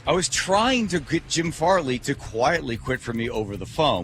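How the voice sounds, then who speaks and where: Animated storytelling male radio host. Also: moderate pace, soft background music. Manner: animated storyteller, voices climbing high in acted quotes. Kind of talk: casual radio banter.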